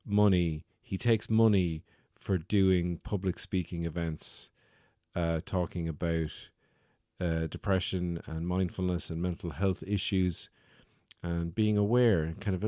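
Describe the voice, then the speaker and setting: Man, very low voice, sardonic rambling comic monologue, dry close sound. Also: steady tone, a little slow, warm tone, no echo. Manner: sardonic, rambling, absurd escalation. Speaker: podcast host.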